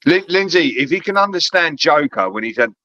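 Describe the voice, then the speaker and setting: A man's voice: a little high, lively intonation, fairly quick, sharp tone, no echo, highs cut off. A man on a live stream panel, talking in a laid-back, matey way. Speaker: panel guest. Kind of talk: casual chat on a live stream.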